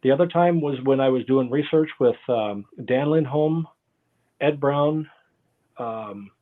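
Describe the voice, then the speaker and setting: A man's voice: medium pitch, measured pace. Man, interview guest, rambling storyteller, tinny phone-like sound, video call. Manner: rambling, loses his train of thought.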